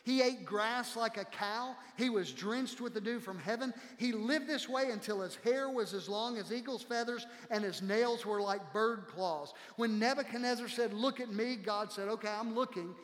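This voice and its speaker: A male pastor preaching a sermon, dramatic and slowing down hard to land key words. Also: high voice, fairly bright tone, long reverb tail. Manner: dramatic preaching, slows for emphasis.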